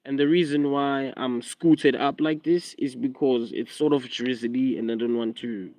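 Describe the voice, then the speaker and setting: A man's voice: medium pitch, steady tone, a little slow, a little mellow, no echo. A young man from Eswatini, a rapper and content creator, rambling defiantly on a phone livestream with a South African accent tinged American. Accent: South African, with an American twang. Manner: rambling, repeats himself, defiant street talk. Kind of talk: casual livestream vlog. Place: outdoors in drizzle, hunched over phone.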